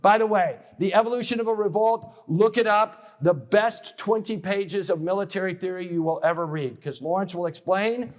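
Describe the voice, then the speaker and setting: A man's voice: high-pitched, normal speed, few pauses. A man lecturing at a conference in a conversational way, often checking in with "okay?" and restarting phrases as he builds a point. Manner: restarts and repeats words while building a point. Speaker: military studies lecturer and author.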